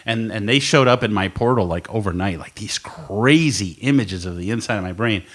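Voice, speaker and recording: A man's voice: lowish voice, moderate pace, a bit bright. Rambling, swearing male podcast host. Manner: rambling storytelling, swears, laughs often. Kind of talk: casual chat. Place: recording studio.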